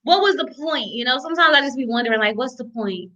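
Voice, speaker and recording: Woman co-host, high bright voice, laughs easily, slightly muffled lo-fi audio. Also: quick pace. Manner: laughs often, conversational and expressive. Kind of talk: casual live-stream chat.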